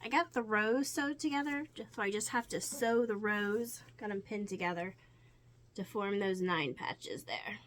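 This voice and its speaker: At normal speed, a woman with a mid-range, slightly bright voice walks through each of her week's quilting and sewing projects in a casual show-and-tell. A little background noise can be heard in this crafting vlog.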